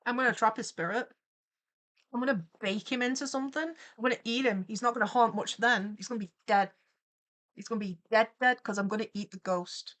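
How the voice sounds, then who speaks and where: A woman's voice: fairly high pitch, fairly quick, fairly bright tone. A young woman, chatting casually on a livestream as she animates, playfully spinning theatrical mock-villain tangents. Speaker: streamer and animator.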